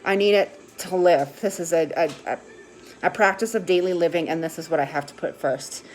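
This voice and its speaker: Talking fairly quickly in a lowish voice, a woman opens up on her vlog about her recovery. Her casual monologue rambles, thick with fillers and restarts, occasionally swearing and carrying a tearful edge.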